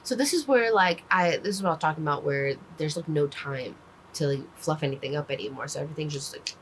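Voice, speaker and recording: Woman with a low voice rambling about a book she read, lots of likes and swearing, faint noise in the back. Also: quick pace, poor audio. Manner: rambling, full of "like" fillers and swearing. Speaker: book reviewer. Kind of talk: casual book recap.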